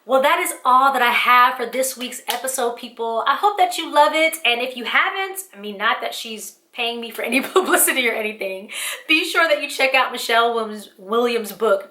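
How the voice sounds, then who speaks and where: Brief: earnest woman vlog host, higher voice, roomy echo. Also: expressive, a little fast, pushed and bright. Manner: earnest, upbeat, uses Southern-US slang like y'all. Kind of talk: casual faith-based encouragement talk. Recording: echoey room.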